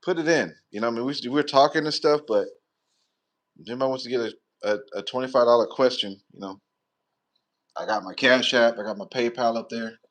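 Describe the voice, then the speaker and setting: A man's voice: medium pitch, fairly quick, a bit bright. A man, hosting a tarot livestream in rambling, profane, joking casual chat.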